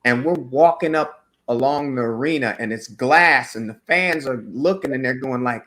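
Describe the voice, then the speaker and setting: Bright-voiced man telling a rambling story. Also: mid-range voice, moderate pace. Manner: loose, rambling storyteller with many fillers. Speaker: musician guest. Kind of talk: casual storytelling interview.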